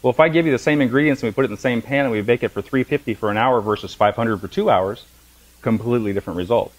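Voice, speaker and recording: Fast-talking male massage instructor. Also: mid-range voice, rough recording. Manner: storytelling with humor, acts out voices. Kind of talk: lecture to a class.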